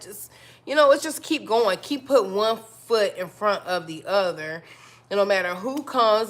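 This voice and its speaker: A woman's voice: mid-range voice, fairly bright tone. A woman hosting a live stream, talking casually and encouragingly to her viewers, often repeating herself and calling them y'all. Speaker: livestream host.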